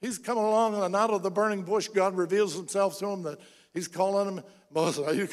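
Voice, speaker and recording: A man preaching a sermon in a church, telling stories with lively acted-out quotes. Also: high voice, brisk. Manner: animated storytelling, acts out quoted voices. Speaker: pastor. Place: church sanctuary. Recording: long hall reverb.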